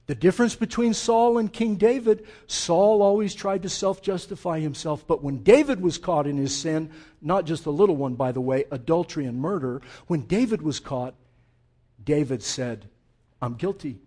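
Impassioned middle-aged male pastor preaching. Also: high-pitched. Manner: impassioned, swings from loud urging to hushed intensity. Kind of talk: sermon.

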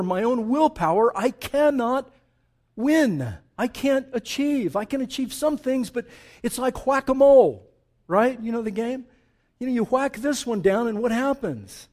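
A man preaching a sermon as pastor, reading scripture dramatically, swinging from loud declaiming to hushed tones. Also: extremely high pitch, lively intonation, a little slow.

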